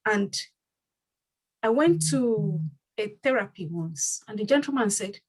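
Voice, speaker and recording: A woman's voice: mid-range voice, animated, measured pace, slightly rough, low-quality recording. A woman who leads her community and hosts a panel discussion. She speaks earnestly and repeats phrases for emphasis. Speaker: community leader and host.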